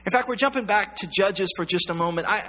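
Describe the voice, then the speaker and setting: High-voiced, bright, joking male pastor. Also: fast talker, in a large hall. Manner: conversational, joking, animated storytelling. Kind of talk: sermon.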